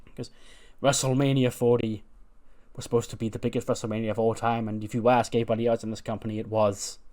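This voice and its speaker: A man's voice: mid-range voice, flat delivery, fast talker, darkish tone, natural voice. A man voicing a bitter male wrestler scornfully trashing a big event. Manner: scornful promo delivery.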